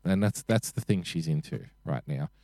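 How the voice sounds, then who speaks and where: A man's voice: a bass voice, lively intonation, normal speed, mellow, no room sound, clean studio sound. A young man co-hosting a casual podcast, rambling and self-deprecating, swearing freely. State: frequently sick. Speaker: podcast co-host.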